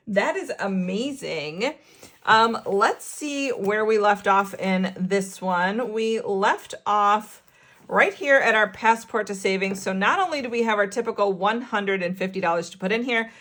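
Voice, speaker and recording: An excitable woman hosting a casual budgeting vlog, counting cash aloud and narrating her savings. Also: medium pitch. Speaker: budgeting channel host.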